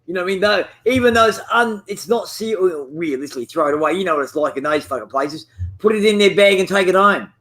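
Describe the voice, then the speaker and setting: A high-pitched man chatting with a friend while gaming. He rambles, trades insults and swears in nearly every sentence, circling back through fillers as he goes. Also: lively intonation, fast talker, a bit bright. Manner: profane, rambling, teasing. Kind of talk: casual banter over voice chat.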